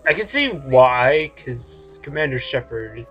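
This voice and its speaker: Slow, joking man playing a game. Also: medium pitch, big pitch swings. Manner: joking, crude, laid-back asides. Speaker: let's play host. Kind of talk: gameplay commentary. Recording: dull lo-fi mic with game music.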